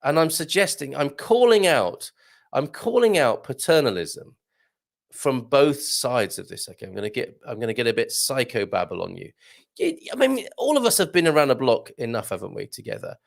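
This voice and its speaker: A man's voice: mid-range voice, big pitch swings, brisk, creaky. A man hosting a live stream, reading viewer comments and musing aloud in a wry, rambling way. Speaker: online community host.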